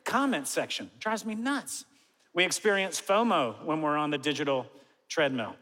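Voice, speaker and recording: A pastor in his forties giving a conversational sermon, animated, with self-mocking asides. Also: fairly high pitch, normal speed, long reverb tail, poor audio. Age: 40s.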